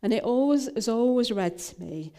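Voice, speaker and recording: A woman's voice: a little high, lively intonation, normal speed, mellow. An older woman minister, telling a personal story in a talk, with frequent fillers and restarts.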